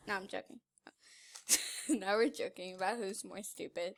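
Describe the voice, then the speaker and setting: A woman giving casual, playful gameplay commentary, giggling and teasing, swinging between loud outbursts and quiet asides. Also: medium pitch, very animated, a little slow. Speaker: gaming YouTuber.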